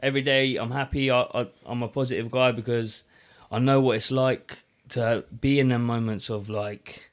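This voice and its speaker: A man's voice: medium pitch, steady tone, moderate pace. A man, a boxer, talking earnestly and reflectively in a casual podcast chat. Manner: earnest, reflective, many fillers. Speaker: boxer guest.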